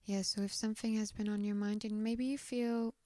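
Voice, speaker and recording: A woman with a slightly tired voice giving a gentle, reassuring pick-a-card tarot reading, often dropping to a whisper. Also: mid-range voice, flat delivery, a little fast, no room sound, studio quality.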